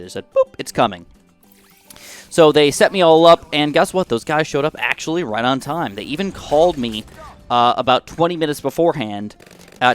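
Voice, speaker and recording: A young man rants to his viewers in a loose, chatty way, full of ums and restarts. His voice sits at a middling pitch, and he sounds exasperated and animated as he retells the story. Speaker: YouTube gaming vlogger. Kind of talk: casual storytelling rant.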